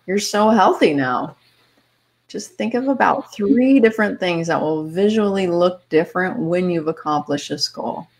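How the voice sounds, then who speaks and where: A woman leads a guided visualization exercise, talking listeners through each step. Her pace is calm and even, with an encouraging, coaching manner. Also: on the low side, moderate pace, hardly any pauses. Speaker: podcast host guiding an exercise.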